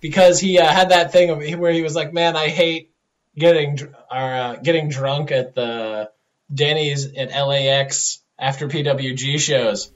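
Higher-voiced man rambling casually. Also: fairly even intonation, a little slow, lo-fi sound. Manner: rambling, restarts and acts out quotes. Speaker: podcast co-host. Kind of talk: casual chat.

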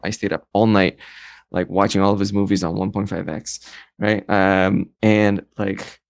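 Man, film director, gravelly low voice, animated storyteller, mimics voices. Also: moderate pace. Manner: lively, acts out voices and sounds in anecdotes.

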